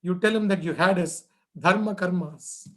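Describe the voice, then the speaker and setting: A man voicing a kind disembodied voice from the heavens that gently gives instructions. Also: sits high, normal speed. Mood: gentle.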